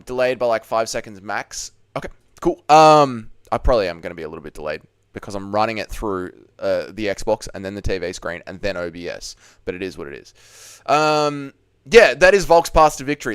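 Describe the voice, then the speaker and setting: Man, livestream host, casual fight watch-along chat, swears freely, reads out chat, lively pitch, dry close sound. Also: brisk, clear, resonant tone, dry recording. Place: home, seated at a desk.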